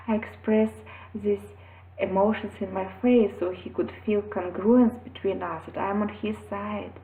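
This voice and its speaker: A woman, a mother, earnestly telling her own story and giving parenting advice, acting out quotes with sudden loud and whispered shifts. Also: mid-range voice, fairly even intonation, unhurried. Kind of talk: personal advice vlog. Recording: echoey, phone-like audio.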